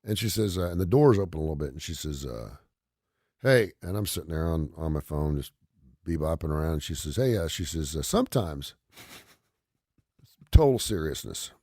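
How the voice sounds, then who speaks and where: A middle-aged man hosting a radio talk show, telling family anecdotes in a casual, animated way and laughing often. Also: a bass voice, normal speed, long pauses, dry recording, studio quality. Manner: animated anecdote teller, quotes his kids, laughs often. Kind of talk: casual radio chat, storytelling.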